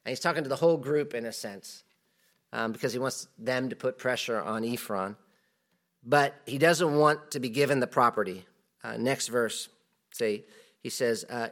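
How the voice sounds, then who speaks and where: A man teaching a Bible study in a relaxed, conversational way, with many fillers and asides, reading the verses aloud with more force. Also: mid-range voice, moderate pace.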